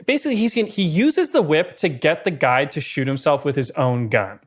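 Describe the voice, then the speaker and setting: A man co-hosting a podcast, briskly running through film production trivia with dry asides. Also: fairly high pitch, lively intonation. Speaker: podcast co-host. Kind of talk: casual film-history chat.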